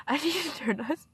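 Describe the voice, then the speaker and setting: Grieving young woman, halting and creaky. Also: medium pitch, no room sound. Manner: halting, soft-spoken, trailing off. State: grieving, emotional. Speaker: vlogger. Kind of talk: personal grief vlog. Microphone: self-filmed on camera.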